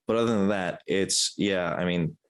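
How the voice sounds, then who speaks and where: Low-voiced man, loose filler-heavy chat. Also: moderate pace. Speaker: podcast co-host. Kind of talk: casual review chat.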